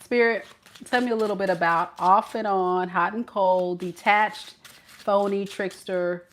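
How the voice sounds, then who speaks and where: A woman's voice: medium pitch, fairly even intonation, a little slow. A woman giving a casual tarot reading, chatty and playful, with slangy phrasing. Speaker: tarot reader.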